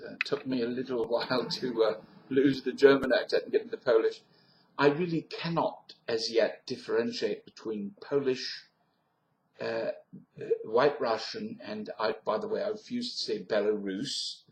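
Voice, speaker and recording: A man in a casual monologue about accents, rambling and hesitant with many fillers and self-corrections, recorded on a webcam. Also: medium pitch. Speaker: vlogger demonstrating accents. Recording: echoey room on a webcam.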